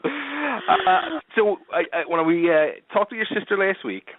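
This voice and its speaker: A man's voice: sits high, gravelly, husky, dry recording. Man with a Philly accent, interview host, bouncy intonation, tinny phone-line sound. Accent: Philadelphia. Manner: friendly, rambling questioner with fillers. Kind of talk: casual interview chat.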